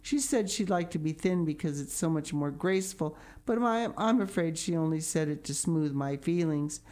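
A woman's voice: deep voice, expressive, moderate pace, darkish tone. A woman reading aloud, voicing a chatty, imaginative orphan girl who gushes breathlessly. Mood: dreamy chatter. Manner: breathless, gushing, dreamy.

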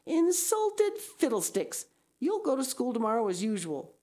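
A woman voicing a strict older female guardian who speaks in a sharp, dismissive way. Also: on the high side, huge pitch swings, unhurried, voice pushed up, exaggerated voice. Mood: scolding.

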